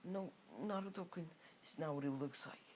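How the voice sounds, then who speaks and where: A jealous, lovesick young ninja girl pleads in a raised, breathy voice, as a man puts her on. She sounds clingy and earnest, a fan-made storytelling character rather than a polished performance. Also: a little high, normal speed, a little mellow, a little hiss or hum, voice pushed up, lightly acted. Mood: desperate.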